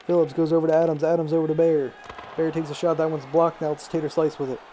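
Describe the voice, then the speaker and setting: A man's voice: a little high, a little hiss or hum. A young man calling live play-by-play of a video game hockey match on a stream, running through passes and saves and lifting his voice on shots and goals. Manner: rapid play-by-play, rising excitedly on shots and goals. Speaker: play-by-play commentator.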